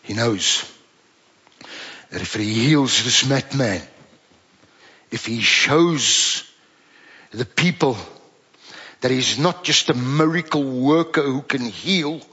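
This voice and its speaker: Husky South African preacher, slow and hushed. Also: male voice, mid-range voice, expressive, lo-fi sound. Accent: South African English. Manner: swings from playful banter to hushed, slow emphasis. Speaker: pastor. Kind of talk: sermon.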